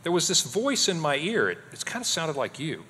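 A middle-aged man co-teaching a parenting class at a church, talking in an animated way and acting out what his family says. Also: a little high, moderate pace, a little hiss or hum. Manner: animated, acts out quotes of his kids and wife. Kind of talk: conversational teaching talk. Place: church hall. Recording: long hall reverb.

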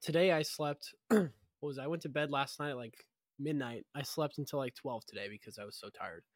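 A young man co-hosting a podcast, chatting casually and offhandedly, often clearing his throat. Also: medium pitch, brisk, dry recording, clean studio sound. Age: young adult. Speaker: podcast co-host. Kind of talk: casual chat.

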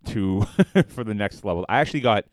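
A man's voice: lowish voice, expressive, a little fast, no echo. A young man chatting casually as a podcast co-host, blunt and crude, swearing and using lots of "um" and "like". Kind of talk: casual chat.

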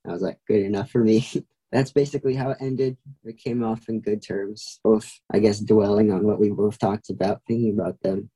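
A young man speaks as a podcast guest, recounting events loosely and filling gaps with "like". His voice sits low and very dark, with a husky, slightly rough edge. He chuckles now and then while he talks. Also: fairly even intonation, normal speed, low-quality recording. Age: young adult. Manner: casual, filler-heavy with frequent "like", laughs lightly. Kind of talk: casual interview storytelling.

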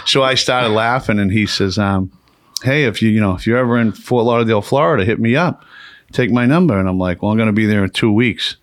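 A man hosts a casual podcast, spinning a long anecdote with plenty of swearing and laughter. His voice sits on the low side. The sound is dry and close, with little room around it. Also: brisk, dry recording. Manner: profane, rambling, laughs often. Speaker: podcast host. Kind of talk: casual storytelling.

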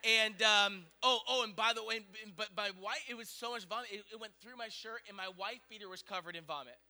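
A man in his thirties telling a long personal story in a sermon, rambling and animated, full of fillers. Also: high voice, fairly quick.

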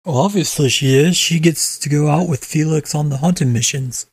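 A man's voice: a little high, moderate pace, a little mellow, slightly rough, no echo, clean studio sound. A man co-hosting a casual chat, blunt and sardonic, swearing heavily. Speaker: podcast co-host.

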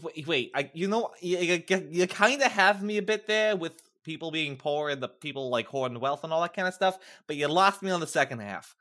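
Animated rambling male player. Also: a little high, a little fast, few pauses. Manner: rambling, filler-heavy. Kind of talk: casual tabletop game chat.

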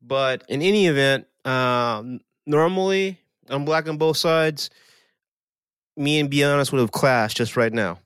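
This podcast co-host is a man speaking a little slowly, his voice smooth and a bit bright, recorded dry. Sardonic and rambling, he airs his opinions casually, with abrupt jumps in pitch.

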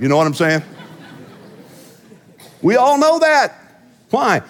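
A man's voice: extremely high pitch, sing-song, takes it slowly, long pauses, fairly bright tone, big-room sound. A man preaching a sermon as senior pastor, conversational and joking, often restarting and repeating himself. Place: church sanctuary.

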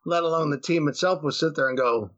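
A man co-hosting a podcast in a relaxed, chatty way, with dry humor. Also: fairly high pitch, fast talker. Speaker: podcast co-host. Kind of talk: casual chat. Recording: slightly dull, muffled sound.

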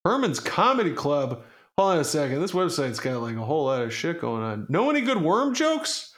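A man's voice: fairly high pitch, very animated, a little fast, fairly bright tone. A man co-hosting a podcast, chatting casually and reading aloud in a goofy, meandering way with plenty of swearing. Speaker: podcast co-host. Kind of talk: casual chat.

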